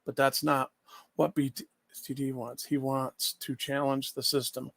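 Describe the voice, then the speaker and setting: A man's voice: mid-range voice, fairly even intonation, normal speed, creaky, sharp tone, dry recording. A man livestreaming and talking straight back to his chat, blunt and confrontational, swearing freely.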